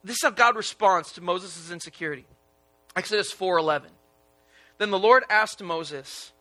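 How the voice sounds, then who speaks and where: A man's voice: high-pitched, normal speed, pushed and bright. A young adult man preaching a sermon in a casual, conversational way. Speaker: pastor.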